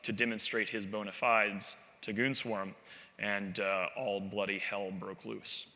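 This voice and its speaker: A man's voice: on the low side, flat delivery, unhurried, pushed and bright. Wry man speaking in a reverberant hall. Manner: conversational, frequent "uh" fillers, wry emphasis. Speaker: conference speaker. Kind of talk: live presentation to an audience. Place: large convention hall. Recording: long hall reverb from a convention stage.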